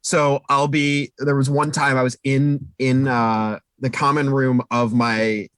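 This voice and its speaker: A man's voice: medium pitch, little pitch movement, unhurried, fairly bright tone, smooth, no echo. A man chatting casually on a live stream, telling jokey, self-deprecating anecdotes. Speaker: panelist.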